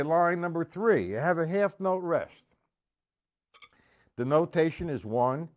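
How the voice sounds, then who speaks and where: A man teaching drums on a live stream, counting the beats out loud and making gruff, cussing asides to his viewers. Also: fairly high pitch, slight background noise. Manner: counts beats aloud loudly, gruff asides and mild swearing. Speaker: drum teacher. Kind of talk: live-streamed drum lesson.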